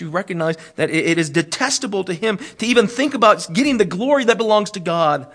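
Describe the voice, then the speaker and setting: A high-voiced male preacher delivering a sermon. He climbs to loud, pressing appeals and then sinks to quiet, low, drawn-out lines, often stretching key phrases slowly. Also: lively intonation. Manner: preaching with wide swings in pitch and loudness, slowing on key phrases. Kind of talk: expository sermon.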